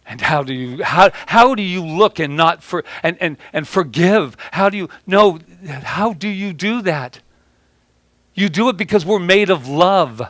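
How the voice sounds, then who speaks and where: A male preacher delivers a rambling sermon, often doubling back on his words. His voice sits a little high for a man. The sound is dry and close, with no room echo. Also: animated, unhurried, a bit bright. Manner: rambling, with many restarts and repeated words. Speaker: pastor.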